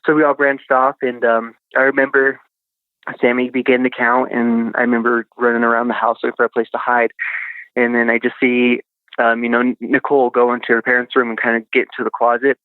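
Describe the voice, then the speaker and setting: A man's voice: medium pitch, completely flat delivery, fairly quick, no room sound. A man recounting a childhood experience as a podcast guest, rambling with lots of fillers over a tinny phone line. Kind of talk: casual storytelling.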